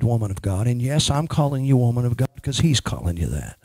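A man's voice: medium pitch, sing-song, fairly quick, creaky, hardly any pauses, husky, dry recording. A man ministering as a prophet, speaking emphatically and praying over a woman in church. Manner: emphatic, prays over a person.

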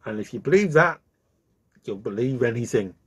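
A growling tiger from a children's story who teases with a made-up tale, as a man puts him on. The delivery is husky and full of pitch swings. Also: lively intonation, moderate pace. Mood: gruff. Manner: growling, mocking. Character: growling, teasing male tiger.

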